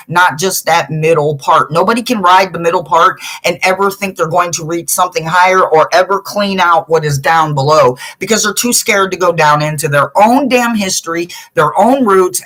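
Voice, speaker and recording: A woman's voice: fairly low pitch, a bit bright, poor audio. A woman working as a spiritual reader, giving a blunt, emphatic pep talk to the listener. She swears freely and repeats phrases to drive her points home.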